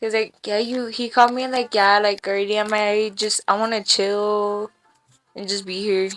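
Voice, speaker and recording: A woman's voice: mid-range voice, little pitch movement, moderate pace, a bit bright, slight background noise. A young woman telling wild stories on a casual podcast, slangy and full of swearing, laughing as she goes. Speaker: podcast guest. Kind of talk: casual storytelling. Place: small room with podcast lights and mic.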